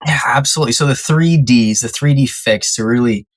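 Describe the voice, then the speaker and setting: A podcast guest who tells a story with animated delivery, acting out the quoted lines in shifting voices. The manner is conversational and enthusiastic, with the pitch sitting in the middle range. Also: brisk.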